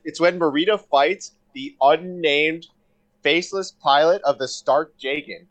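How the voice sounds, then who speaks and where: A man in casual podcast chat, excitable and rambling, swearing often with lots of fillers. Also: on the high side, a little slow, lo-fi sound.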